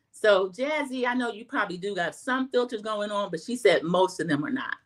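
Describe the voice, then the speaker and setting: A woman's voice: medium pitch, expressive, brisk, hardly any pauses, fairly bright tone. A middle-aged woman hosting a casual livestream recap, chatting straight to her viewers. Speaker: host.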